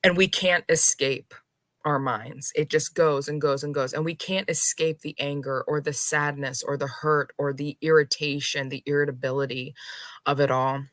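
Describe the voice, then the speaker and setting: A woman hosting a live spiritual talk, unhurried and reflective, speaking to her viewers with soft laughs and pauses. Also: deep voice, steady tone, no echo.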